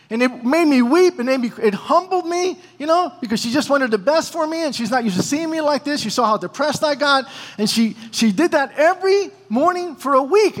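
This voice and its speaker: A man's voice: high-pitched, fairly bright tone. A man telling a personal testimony to a congregation, acting out both sides of the conversations as he goes. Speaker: preacher giving testimony. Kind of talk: storytelling testimony. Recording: long hall reverb.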